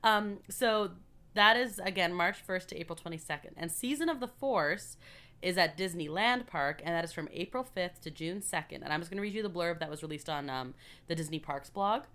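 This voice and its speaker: An upbeat woman from Canada co-hosts a casual podcast, reading out event dates and announcements. Her voice sits on the low side for a woman. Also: fairly quick, a bit bright. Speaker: podcast co-host. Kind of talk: casual chat.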